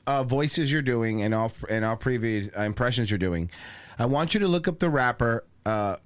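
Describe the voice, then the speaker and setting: A man hosting a podcast in loose comedic banter. His voice is lively, rising and falling widely. He jokes around and gets bossy when giving orders. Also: medium pitch. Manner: loose, joking, bossy toward the chatbot. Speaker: podcast host. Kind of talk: casual comedic chat.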